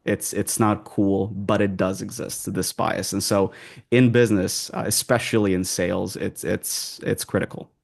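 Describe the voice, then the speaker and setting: Deep gravelly American man explaining. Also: flat delivery, normal speed. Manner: loose and conversational, many fillers and restarts. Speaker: accent coach. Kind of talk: interview answers, explaining.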